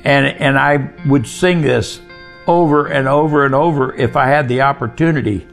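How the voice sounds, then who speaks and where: A man's voice: medium pitch, moderate pace, vocal fry, soft background music. An older man telling his personal testimony in a folksy, plainspoken way.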